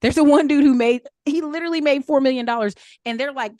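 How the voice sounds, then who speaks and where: A woman's voice: sits high, a little fast, few pauses, darkish tone, dry recording. Chatty woman, candid and dry. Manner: candid, chatty, acts out quoted voices. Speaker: guest speaker answering questions. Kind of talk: casual advice talk.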